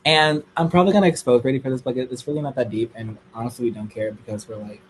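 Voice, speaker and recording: A fast-talking young man unloads a dramatic, gossipy story on a live audience in a casual stream, hitting squealing high notes when excited. Some slight background noise is present.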